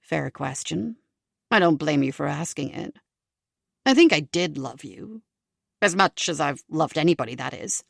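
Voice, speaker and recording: A calculating man, calm and cold, whose low voice stays quiet and menacing, as a woman narrator puts him on. The tone is gravelly, with a dry, close sound. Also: unhurried, no echo, heavily acted. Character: cold calculating middle-aged male killer.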